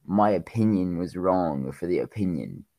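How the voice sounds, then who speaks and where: Very deep gravelly young man. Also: lively intonation, warm tone, no room sound. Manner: opinionated, quick to argue back. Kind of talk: casual chat.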